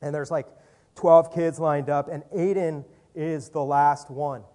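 A man recounts a youth mission trip as a personal testimony, acting out each quoted exchange with animation. His voice sits a little high for a man, and his delivery is energetic and conversational. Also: unhurried. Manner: animated, lots of quoted dialogue. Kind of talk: storytelling testimony.

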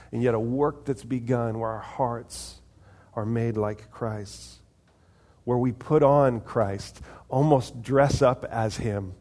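A pastor with a creaky, mellow mid-range voice preaches a conversational sermon. He asks the congregation questions and acts out little dialogues, voicing both God and people.

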